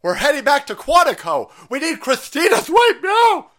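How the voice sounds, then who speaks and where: A man voicing a hurried male federal agent taking roll, muttering quickly. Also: fairly high pitch, animated, a bit bright.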